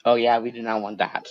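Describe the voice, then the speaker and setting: A man's voice: mid-range voice, fairly bright tone. A man streaming a game with a friend, chatting casually in a playful, teasing way. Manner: playful, teasing, quick to break into silly voices. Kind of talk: casual gaming chat.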